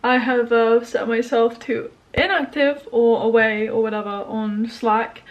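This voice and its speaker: A woman's voice: a little high, steady tone, a little slow, lo-fi sound. A young woman, chatting casually to camera in a vlog, full of likes and you knows. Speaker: vlogger.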